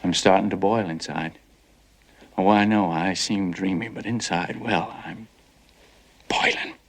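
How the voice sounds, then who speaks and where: A man's voice: low-pitched, steady tone, unhurried, gravelly, heavily acted. An actor playing a restless young man who is dreamy and bitter and speaks in a wry, brooding way.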